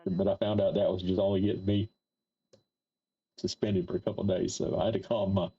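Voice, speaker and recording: Husky folksy man chatting on a livestream. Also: low-pitched, flat delivery, a little fast. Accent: Appalachian. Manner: rambling, folksy, talks straight to chat. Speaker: livestream host. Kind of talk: casual livestream chat. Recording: dull lo-fi stream audio.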